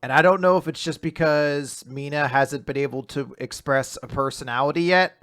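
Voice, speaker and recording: A man co-hosting a podcast, giving relaxed, thoughtful opinions in casual chat. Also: fairly high pitch, moderate pace, clean tone, dry recording, studio quality. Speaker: podcast co-host. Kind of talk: casual chat about manga.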